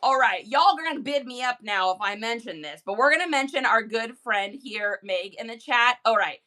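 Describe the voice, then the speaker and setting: A woman hosting a live stream in casual chat, energetic and chatty with quick laughs. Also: fairly high pitch.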